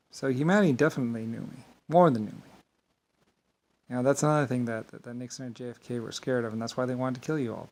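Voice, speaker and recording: A man's voice: mid-range voice, darkish tone, poor audio. Male vlogger, rambling grandiose monologue, swears freely, mid-range voice.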